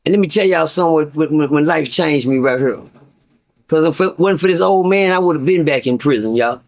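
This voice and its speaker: A man's voice: fairly high pitch, a little fast. A middle-aged man telling a story to viewers in a casual, profane way, stammering and repeating himself as he goes. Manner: profane, repetitive, stammering restarts. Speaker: guest storyteller.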